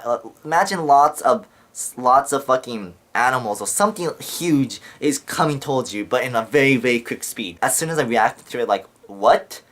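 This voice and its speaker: A man's voice: mid-range voice, fairly bright tone. Young man rambling with heavy swearing. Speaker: vlogger. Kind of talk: casual storytelling to camera.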